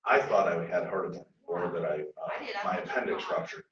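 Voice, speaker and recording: Man, convention panelist, jokey storyteller, low voice, far-off mic, echoey dull sound. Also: brisk, a bit bright. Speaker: paranormal TV show cast member, convention panelist. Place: large convention hall.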